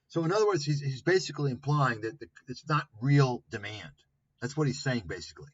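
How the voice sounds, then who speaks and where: A man hosting a livestream, ranting about video clips with profane, combative scorn and a husky voice. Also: medium pitch, expressive, normal speed, no room sound. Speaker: commentary livestream host. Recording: dull lo-fi stream audio.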